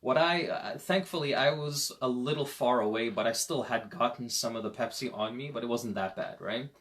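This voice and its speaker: Man, Islamic teacher, mid-pitched; conversational, animated lecturing, direct to parents. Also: normal speed. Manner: animated storyteller, swings between loud emphasis and quiet asides. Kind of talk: parenting lecture on a Quran verse.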